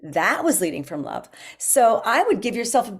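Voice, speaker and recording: A woman's voice: on the high side, very animated, normal speed, slightly rough. A woman guest speaking in an earnest, encouraging way during a casual conversation. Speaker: guest coach.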